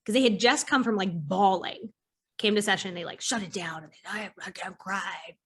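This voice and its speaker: Woman therapist hosting a podcast, animated, casual, swears a bit, does her clients' voices. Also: mid-range voice, a little fast, husky. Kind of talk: casual conversational interview.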